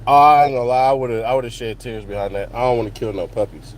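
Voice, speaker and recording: A man's voice: mid-range voice, steady tone, fast, low-quality recording. Man, vlogger, slangy profane storytelling, driving car, faint engine hum. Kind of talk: casual chat while driving.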